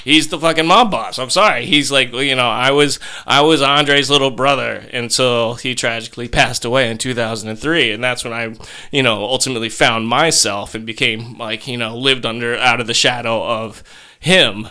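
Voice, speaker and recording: Male, 30s, profane animated storyteller, bright and crisp. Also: mid-range voice, moderate pace. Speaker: podcast guest. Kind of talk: casual storytelling.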